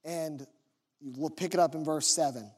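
A man preaching a sermon, teaching in a measured way, reading scripture slowly and stressing key words. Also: on the high side, husky.

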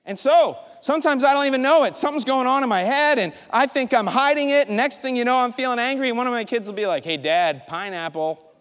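A middle-aged man preaching a sermon, animated and storytelling, acting out his own thoughts. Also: extremely high pitch, quick pace, few pauses. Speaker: pastor. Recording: large hall reverb.

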